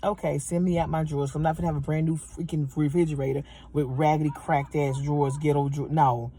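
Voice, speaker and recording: A woman's voice: low voice, fast talker, no echo. Heated woman ranting from her car. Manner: heated, profane, animated retelling. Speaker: vlogger telling a story. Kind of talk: angry storytime rant. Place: parked car.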